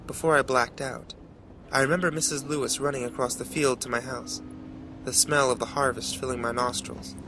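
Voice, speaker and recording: A man narrating a horror story in a measured, dramatic way. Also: medium pitch, fairly even intonation, noisy background.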